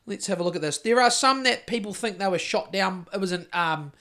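Casual podcast host, New Zealand man, high voice, rambly and sweary. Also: expressive, brisk, pushed and bright. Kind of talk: casual chat.

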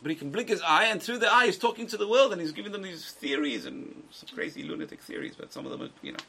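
Fast, gravelly older man teaching. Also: high voice. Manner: animated storytelling with frequent restarts and asides. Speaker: religious class teacher. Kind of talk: lively lecture to a small group.

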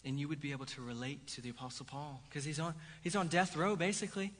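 A pastor preaching a sermon in a lively, conversational way, with "right?" asides to the congregation. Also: male voice, a little high, fast talker, slight background noise. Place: church sanctuary. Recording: hall reverb.

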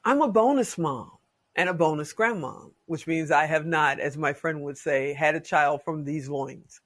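A woman in her late fifties, a podcast guest talking in a casual interview as an expressive, folksy storyteller. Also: sits low, normal speed. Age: 50s.

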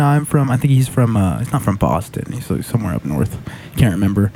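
A man's voice: on the low side, big pitch swings, fast, vocal fry, mellow, slight background noise. A man telling a long story in casual conversation, swearing freely and acting out other people's lines. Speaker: storyteller in casual podcast chat. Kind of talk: casual chat.

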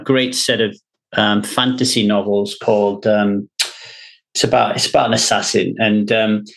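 A man's voice: mid-range voice, fairly bright tone. A man hosting a podcast, talking earnestly in a rambling, repetitive way. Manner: earnest, rambling, repeats words when thinking. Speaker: podcast host. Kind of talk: casual podcast chat.

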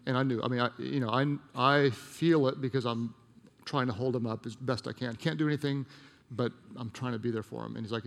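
A male pastor delivers a sermon in a gravelly voice, his words ringing through the long reverb of a large auditorium. He tells a personal story, hammers phrases through repetition, and sinks to a soft, slow voice at the tender moments. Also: medium pitch, fairly even intonation.

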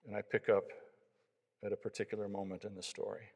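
A man's voice: lowish voice, little pitch movement, brisk, gravelly, a little mellow, breathy edge. Man preaching in a reverberant hall. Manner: storytelling, rising to pleading appeals. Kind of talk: sermon.

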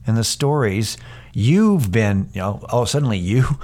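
A man with a lowish voice rants on his podcast, sarcastic and profane. He rambles, restarts sentences and swears freely as he mocks things that irritate him. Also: lively intonation, measured pace, darkish tone. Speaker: podcast host. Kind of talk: casual ranting monologue.

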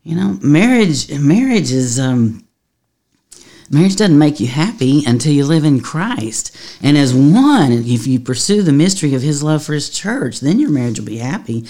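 A woman's voice: deep voice, big pitch swings, normal speed, warm tone, exaggerated voice. A woman voicing a blunt, folksy older male saint who scolds in a Texas accent. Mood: scolding. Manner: chiding, drawling "y'all". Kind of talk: imagined quote within a talk.

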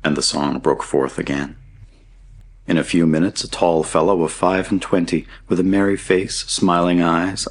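A man narrating an audiobook in a steady, measured reading. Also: sits low, husky. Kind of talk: scripted narration.

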